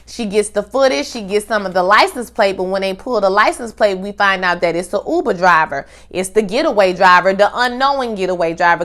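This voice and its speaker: A young woman recapping a TV episode in a casual, animated way, acting out the characters' lines and throwing in slangy asides. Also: mid-range voice, a little fast, few pauses. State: pregnant. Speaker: TV recap host.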